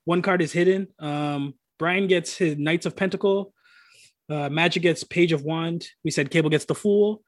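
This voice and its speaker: A man co-hosting a casual podcast about comics, talking excitedly and with plenty of swearing. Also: a little high, normal speed, no room sound, clean studio sound. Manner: excitable, profane, acts out characters' reactions. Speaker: podcast co-host. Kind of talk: casual comic-book discussion.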